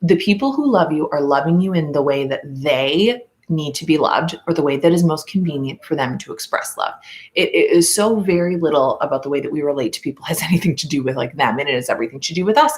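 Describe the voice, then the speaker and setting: Woman, deep voice, casual livestream host, rambling, quotes people in a mock voice. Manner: rambling, many fillers and restarts; mimics others in a higher voice when quoting. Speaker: podcast host.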